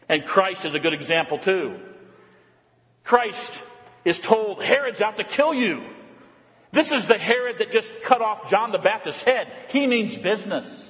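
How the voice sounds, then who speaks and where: Earnest high-voiced preacher in a hall. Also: male voice, fairly bright tone. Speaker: pastor. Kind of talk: Lent sermon.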